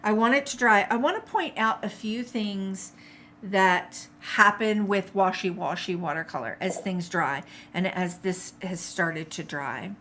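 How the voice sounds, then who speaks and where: A woman's voice: medium pitch, a little slow, fairly bright tone, slight background noise. A middle-aged woman teaching a live watercolor paint-along, chatty and encouraging, reading out viewer comments as she paints. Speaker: art instructor.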